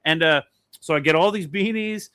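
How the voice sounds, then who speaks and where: Man, slightly high and bright voice, loose profane storyteller, dry close mic. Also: normal speed, clear, resonant tone, no echo. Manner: animated, swearing, rambling anecdote. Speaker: podcast co-host. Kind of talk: casual storytelling chat.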